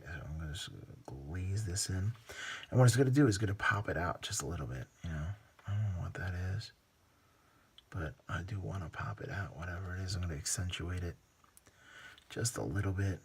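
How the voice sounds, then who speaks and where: A man's voice: low voice, expressive, moderate pace, darkish tone, slightly rough. A man hosting a hobby painting video, talking casually to himself as he works and often trailing into murmurs and whispers. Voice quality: mumbling, muttering to himself, drifts into whispers. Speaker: hobby painting channel host. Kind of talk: casual running commentary while painting.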